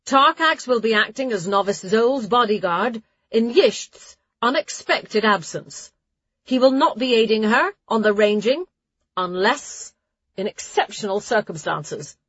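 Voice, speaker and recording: A woman voicing a stern, commanding older abbess who gives a formal address to young novices. She speaks with a husky voice. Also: fairly high pitch, expressive, measured pace, a bit bright, no room sound, highs cut off, pitched above the performer's own voice, exaggerated voice.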